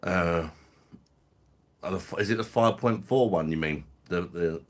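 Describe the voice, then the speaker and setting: A man's voice: low-pitched, unhurried. A man from London with a Cockney-ish accent, hosting a casual live stream and chatting matily with viewers. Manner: matey, chatty, drops in slang and laughs.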